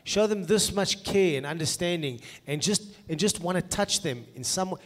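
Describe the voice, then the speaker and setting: A man preaching in a conversational way and telling an anecdote as an animated storyteller, in a church meeting room. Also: high-pitched, moderate pace. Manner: animated storyteller, laughs at own jokes. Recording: long reverb from a hall.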